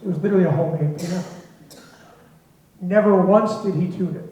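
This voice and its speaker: A man's voice: sits high, fairly quick. Male storyteller in a big echoey hall. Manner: lively, chuckling storyteller. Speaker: storyteller at a symposium. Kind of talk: spoken anecdote to a live audience. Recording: very echoey hall, dull lo-fi sound.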